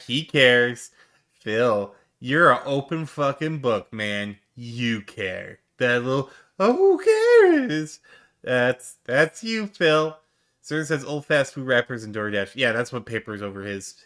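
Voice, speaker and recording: A man's voice: medium pitch, slow, sharp tone. A man giving sarcastic, mocking reaction commentary on a stream clip, swearing freely.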